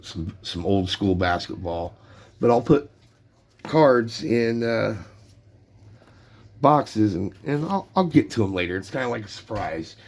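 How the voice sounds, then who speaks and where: A man's voice: lowish voice, expressive, unhurried, long pauses, a little mellow. A middle-aged man casually telling a rambling story about collecting trading cards, full of fillers and restarts. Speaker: card collector vlogger.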